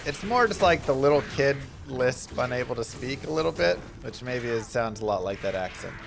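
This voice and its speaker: Gravelly-voiced man streaming a game. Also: mid-range voice, animated, moderate pace, music in the background. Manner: chatty, anecdotal, reads chat aloud. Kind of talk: casual live-stream commentary.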